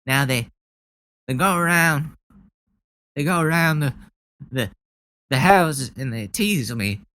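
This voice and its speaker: A man's voice: on the high side, animated, slow pace, sharp tone, no echo, studio quality, pitched above the performer's own voice, full character voice. A man doing a comic impression of a whiny, self-pitying middle-aged male politician. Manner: whining, mock-wounded.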